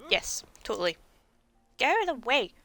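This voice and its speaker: A woman's voice: fairly high pitch, sing-song, moderate pace, vocal fry, fairly bright tone. A woman commentating casually on a video game as she plays, sarcastic and joking, with lots of swearing. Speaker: game streamer.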